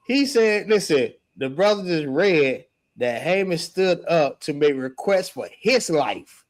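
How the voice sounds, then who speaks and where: A man teaching scripture in an animated, slangy way, often laughing. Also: a little high, a little slow. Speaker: religious teacher.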